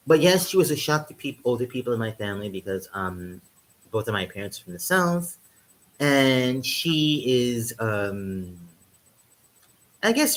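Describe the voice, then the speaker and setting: A man's voice: medium pitch, fairly bright tone, low-quality recording. A man talking casually to camera in a rambling, joking vlog, full of um fillers. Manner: rambling, heavy um fillers, chuckles at own jokes. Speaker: vlogger. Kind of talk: casual comedic monologue. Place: indoors in Europe, drinking wine.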